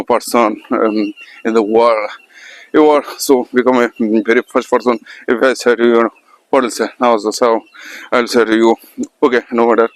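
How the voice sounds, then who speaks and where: This English teacher's mid-range voice has no room sound. At a festival ground outdoors, he offers a relaxed motivational talk, full of pauses and hesitations, with non-native grammar.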